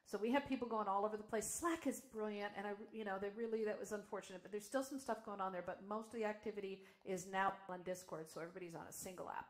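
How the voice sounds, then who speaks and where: A woman's voice: medium pitch, fast, few pauses. A woman co-hosting a live news stream in a chatty, loose way, laughing often between announcements.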